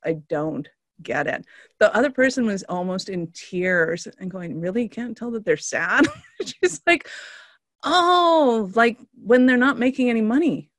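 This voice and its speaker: A chatty woman coach talks in an easy, casual way, laughing between points. Her voice sits mid-pitch and sounds dry and close. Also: a bit bright, dry recording. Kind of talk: casual conversation.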